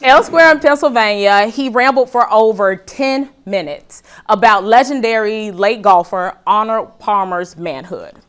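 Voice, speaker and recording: A woman's voice: mid-range voice, measured pace, hardly any pauses, fairly bright tone. A woman hosting a talk show, delivering a joking comedic monologue to a live studio audience and calling them y'all.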